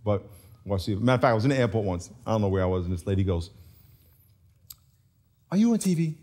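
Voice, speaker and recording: A man preaching a sermon as pastor, animated and storytelling, chuckling often. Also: deep voice, rapid-fire. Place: large church.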